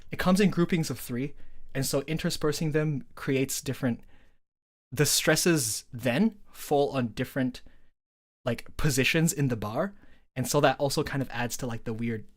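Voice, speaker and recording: A woman's voice: a bass voice, normal speed. Brief: woman songwriter, livestream breakdown, eager, lots of "like" and "um", hums bits of melody. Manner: enthusiastic, filler-heavy, sings vowel patterns to demonstrate. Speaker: songwriter explaining her song. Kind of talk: casual breakdown stream.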